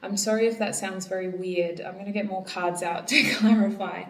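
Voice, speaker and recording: Woman, tarot reader, casual and affectionate, addresses viewers, mid pitch, echoey room. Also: steady tone, normal speed, far from the mic.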